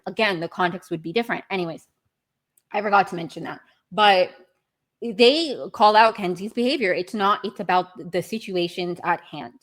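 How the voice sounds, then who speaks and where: A young woman hosting a podcast, recapping a reality show in a rambling, self-correcting way, with exasperated outbursts. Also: medium pitch. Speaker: podcast host.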